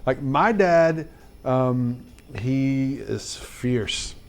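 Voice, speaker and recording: A man teaching fifth graders through a lively personal story. His delivery is chatty and animated, full of "like" and quick asides to the class, and his voice sits in a middle register. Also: medium pitch. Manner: animated, chatty storytelling with repeated "like" and direct questions to kids.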